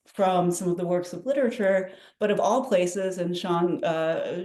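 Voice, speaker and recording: Woman presenter, lively, slightly low voice, fillers. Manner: animated, enthusiastic, with frequent fillers. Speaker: presenter at a public domain celebration. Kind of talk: presentation talk.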